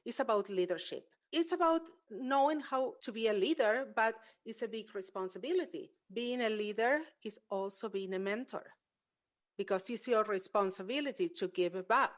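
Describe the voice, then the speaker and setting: A woman, a native Spanish speaker, hosts an interview podcast and talks in an earnest, reflective way during the conversation. Her voice is mid-range and her pace moderate.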